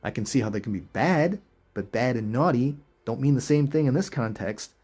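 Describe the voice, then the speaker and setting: A video host with a medium-pitched, husky, slightly mellow voice reads verses aloud at normal speed, sounding animated. In casual commentary he reacts with chuckling, incredulous rhetorical questions.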